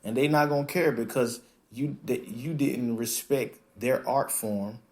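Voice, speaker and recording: A man hosting a podcast, talking in a casual, animated monologue that acts out quoted voices and swears freely. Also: medium pitch, a little slow. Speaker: podcast host.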